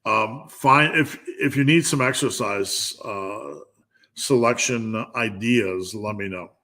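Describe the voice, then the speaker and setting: A man's voice: fairly low pitch, slow, pushed and bright. A middle-aged man hosting a live stream, reading viewers' questions and answering with blunt, joking lifting advice. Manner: blunt, joking, coach-like advice with frequent restarts. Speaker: strength coach hosting a live Q&A.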